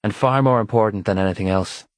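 A man voicing a calm, wise older brother in an audiobook, measured and gentle. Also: on the low side, no room sound, studio quality, natural voice. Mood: reassuring.

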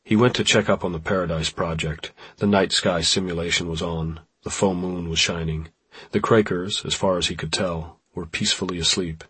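Deep, husky male audiobook narrator. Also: steady tone, moderate pace, a bit bright, no echo. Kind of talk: scripted narration.

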